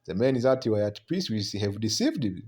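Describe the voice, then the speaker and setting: This man's voice is fairly low, darkish, and sing-song as he preaches casually about prophecy. He reads scripture aloud between comments, often halting on repeated words and finishing lines with "man."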